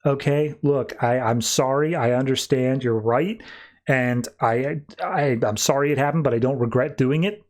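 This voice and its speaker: A man's voice: mid-range voice, moderate pace, natural voice. A man voicing an earnest, apologetic young male hero who stammers through his words.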